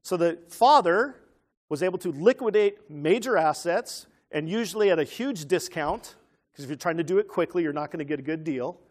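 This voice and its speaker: A man preaching an animated teaching sermon who keeps asking his listeners questions. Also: a little high, normal speed.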